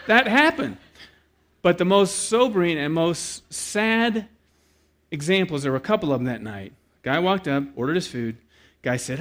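A man preaching a sermon, telling a story with lively acted-out quotes and then speaking quietly and earnestly to the congregation. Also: high-pitched, a little fast. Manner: animated storyteller who acts out quoted voices, then turns quiet and earnest. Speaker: pastor.

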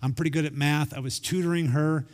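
A man in his forties delivering a sermon from the pulpit, with a voice that sits somewhat high for a man. He speaks conversationally and acts out bits of remembered family conversation. His words ring out with the long tail of a large church hall. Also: fairly even intonation, quick pace. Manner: conversational, acts out quoted dialogue. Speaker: pastor.

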